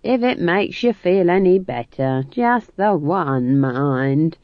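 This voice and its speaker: A woman's voice: lowish voice, lively intonation, takes it slowly, dry recording. A woman voicing a chatty, mischievous old female witch with rustic, folksy grammar. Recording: dull dry studio read.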